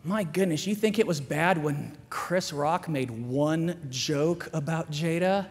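A man in his forties giving an animated chapel sermon to students, swinging between loud emphatic lines and hushed asides. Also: a little high, takes it slowly. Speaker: guest chapel speaker. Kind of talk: energetic chapel sermon with storytelling. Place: school chapel, large room. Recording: long hall reverb.

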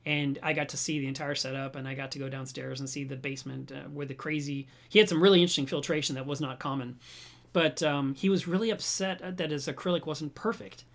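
A man hosting a home livestream about reef aquariums, chatting casually to his webcam and telling stories in an animated way. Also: fairly high pitch, fast, gravelly. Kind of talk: casual livestream chat, reading viewer comments.

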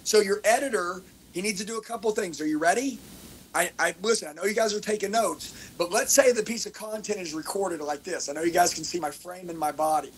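A man giving an energetic motivational seminar talk on making content, intense and preachy, repeating himself for emphasis. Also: sits high, a little fast, a little hiss or hum, low-quality recording. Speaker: speaker teaching content creation.

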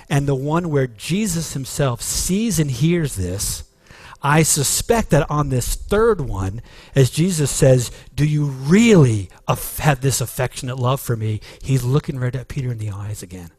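A male pastor delivers a sermon at an unhurried pace, leaning into key words with earnest emphasis. He often restarts his phrases mid-thought. The sound is dry and close, with no room echo. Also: mid-range voice, a little mellow, breathy edge.

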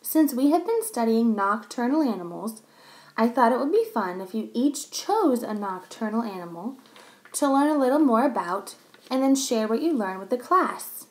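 A woman's voice: on the high side, big pitch swings, moderate pace. A woman voicing a patient, firm female schoolteacher in a children's story read aloud. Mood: instructive.

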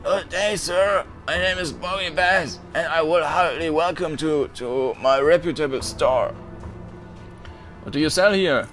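A man voices a friendly, chubby, bearded shopkeeper in a video game, his raspy voice going thin and breathy as it rises, with coughs between lines. The delivery is a little high, a little slow, and fairly bright, over soft background music.

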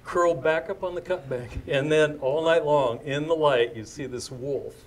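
A man's voice: fairly high pitch, normal speed. Older man, live storyteller, rambling, chuckling asides to the audience, self-corrections. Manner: chatty and digressive, with restarts, asides to the crowd and chuckles. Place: indoor event before a live audience.

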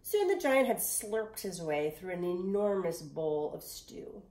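A woman reading a storybook aloud in an expressive way. She sometimes drops to a whisper and speaks directly to the listener. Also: fairly low pitch, measured pace, echoey room.

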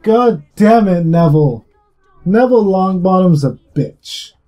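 A young man giving casual, rambling gameplay commentary, swearing freely and talking louder and more energetic than usual. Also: high voice, measured pace, muffled recording. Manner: rambling and heavily profane. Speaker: gaming YouTuber.

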